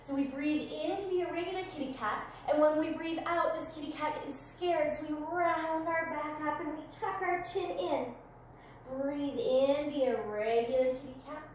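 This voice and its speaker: Woman, high voice, kids' yoga instructor, playful and gentle, very echoey room with faint noise. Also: fairly even intonation, moderate pace. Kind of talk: guided children's yoga class.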